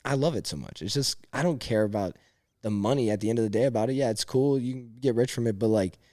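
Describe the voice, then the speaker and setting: Quick-paced and medium-pitched, this man is a podcast guest who tells rambling, animated stories in relaxed conversation, peppered with "dude" and "bro." The studio-quality recording has no room sound.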